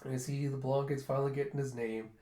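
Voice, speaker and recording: A man's voice: mid-range voice, steady tone, fast talker, warm tone. A young man casually reading through and retelling a comic volume, chatty and loose, narrating scenes with "he's like". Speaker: comic reviewer. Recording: roomy echo.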